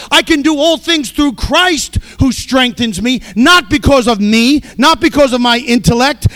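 A man preaching a sermon, fervent, swinging between soft passages and shouted exhortations. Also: very high voice.

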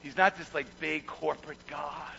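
A man preaching a fervent sermon, repeating words and building to shouts. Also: a little high, fairly even intonation, moderate pace, creaky, highs cut off, slight background noise. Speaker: pastor.

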